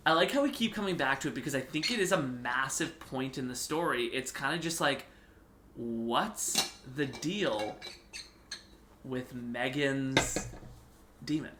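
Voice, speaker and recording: A young man co-hosting a podcast in casual chat, getting excited and rising in pitch when he makes a point. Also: a little slow, reverberant, slight background noise. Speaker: podcast co-host.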